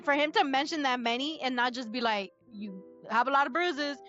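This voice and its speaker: Bright, playful woman podcaster. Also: sits high, dull audio, soft background music. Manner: playful, quick reactions and jokes. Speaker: book club podcast co-host. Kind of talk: casual chat.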